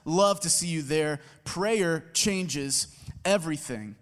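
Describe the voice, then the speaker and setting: A man's voice: on the high side, takes it slowly. A man, a campus pastor, rallies a church crowd with friendly welcomes and announcements, tired after little sleep. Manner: energetic, crowd-rallying, friendly with fillers. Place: large auditorium. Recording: long hall reverb.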